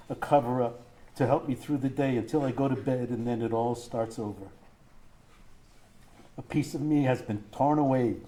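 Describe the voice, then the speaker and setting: A middle-aged man reads a statement to a courtroom, his mellow, darker voice tearful and choked. He halts and breaks as he struggles through his grief, speaking as a bereaved father. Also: medium pitch, a little hiss or hum. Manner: grief-stricken, halting, voice breaking. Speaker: grieving father giving victim statement. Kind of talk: reading a prepared statement in court.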